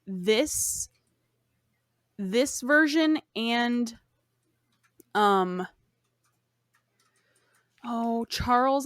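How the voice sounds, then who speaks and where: A podcast host retells a fairy tale in a casual, profane, rambling style. Her voice sits a little high, and the studio-quality recording has no room sound.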